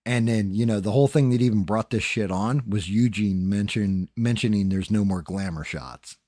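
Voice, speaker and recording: A man's voice: lowish voice, normal speed, mellow, no room sound, studio quality. A man hosting a late-night livestream, chatting loosely with frequent swearing and thanking viewers by name. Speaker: livestream host.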